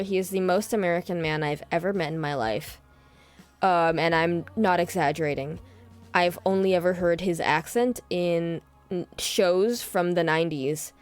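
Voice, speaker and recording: Chatting on a livestream, a woman in her twenties relates a story in a lively, animated way at a moderate pace, with faint music in the background. She voices the quoted parts with big leaps in pitch.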